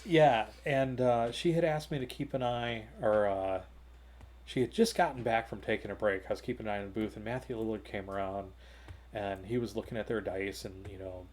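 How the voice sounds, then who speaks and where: A man's voice: fairly low pitch, normal speed, a little mellow. A man telling a long, rambling anecdote on a gaming talk show, full of fillers and restarts, recorded at home in his hobby room.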